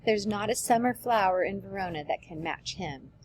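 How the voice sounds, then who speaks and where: A woman's voice: mid-range voice, normal speed, close to an everyday voice, low-quality recording. Rambly old nurse lady read by a woman, goes on and on, repeats stuff, faint hiss behind. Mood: rambling. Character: talkative old female nurse, rambling and fond. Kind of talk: reading a play aloud.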